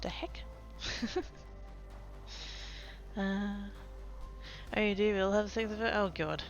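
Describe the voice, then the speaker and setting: A woman's voice: mid-range voice, fairly even intonation, slow, lo-fi sound, soft background music. A woman chatting casually to her livestream chat while sorting craft supplies, self-mocking and rambling. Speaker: craft streamer.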